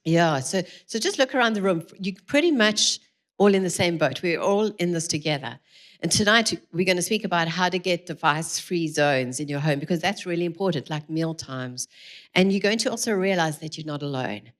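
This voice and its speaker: A woman's voice: on the low side, animated, fairly quick. A middle-aged woman giving an earnest, encouraging talk to a live audience at a church parenting evening, speaking into a mic through a PA. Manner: earnest, encouraging, addresses the room directly. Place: large room with a live audience.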